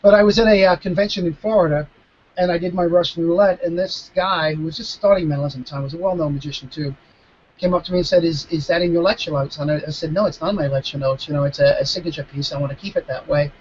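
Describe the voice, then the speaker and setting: A man in his fifties, a mentalist guest, explaining his craft in a live video Q&A with emphatic, animated storytelling and frequent restarts. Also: a little high, fast, muffled recording, slight background noise. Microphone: video call.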